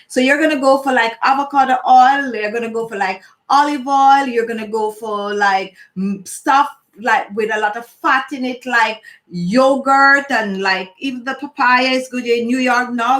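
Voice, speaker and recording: A woman's voice: high-pitched, fairly bright tone, roomy sound. A woman from Jamaica with a Jamaican accent, hosting a beauty channel and chatting live with viewers in a playful, emphatic way. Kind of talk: live chat answering viewers.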